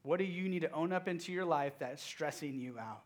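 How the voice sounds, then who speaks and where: A man with a fairly high voice preaching a sermon to young people. He keeps asking his listeners questions and moves between punchy, loud stresses and soft, hushed passages. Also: brisk. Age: young adult or middle-aged father of a toddler. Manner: engaging, asks the audience direct questions; swings between loud emphasis and hushed, quiet moments. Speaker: youth pastor.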